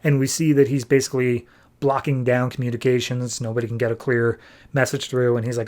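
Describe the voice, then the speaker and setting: A man's voice: mid-range voice, little pitch movement, fairly quick, a little mellow. A man hosting a podcast, casually recapping a comic book issue with wry asides. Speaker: podcast host.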